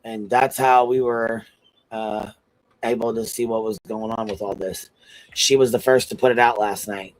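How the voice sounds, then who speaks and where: A man's voice: on the low side, steady tone, moderate pace, no room sound, low-quality recording. A man on a livestream panel reading a legal filing aloud, breaking off into blunt, profane, incredulous asides.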